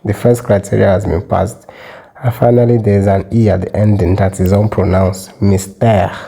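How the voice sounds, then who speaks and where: A man teaching French spelling rules, explaining step by step and repeating example words slowly. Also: lowish voice, steady tone, creaky, mellow, husky, low-quality recording. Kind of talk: explanatory lesson.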